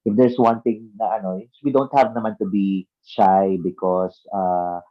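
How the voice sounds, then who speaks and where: A man's voice: fairly low pitch, fairly even intonation, measured pace. A Filipino man with a Filipino accent hosting a casual chat, mixing Tagalog and English and tagging sentences with "no?". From Philippines. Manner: conversational, mixing Tagalog and English, frequent "no?" tags. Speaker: vlog host and ALT teacher. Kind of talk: casual Taglish panel chat. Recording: dull lo-fi audio.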